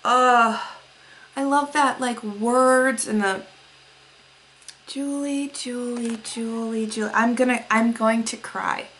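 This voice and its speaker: A young woman unboxing her mail on camera, gushing and gasping over every find. Her voice sits fairly high and she talks in an unhurried way. A faint room hiss lies under the recording. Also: fairly even intonation, fairly bright tone. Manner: gushing, breathless exclamations, gasps. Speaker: beauty vlogger.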